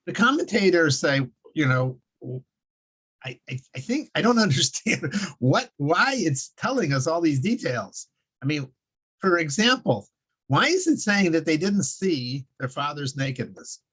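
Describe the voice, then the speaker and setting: A man's voice: on the high side, big pitch swings, a little slow, a bit bright, husky. A man teaching a weekly religious class in a rambling, casual way, with frequent fillers, restarts and chuckles.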